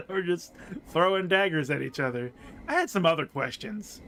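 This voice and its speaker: A man's voice: high-pitched, lively intonation, moderate pace, bright, forceful tone, a little hiss or hum. A man giving casual let's play commentary, chatting and reading menus aloud as he plays. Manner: chatty, reads game text aloud and muses over menus. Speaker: game streamer.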